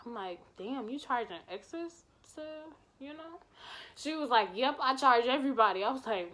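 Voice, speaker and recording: A woman vlogger telling a personal story in a casual, animated way, acting out the dialogue and swearing freely. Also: sits high, slow pace.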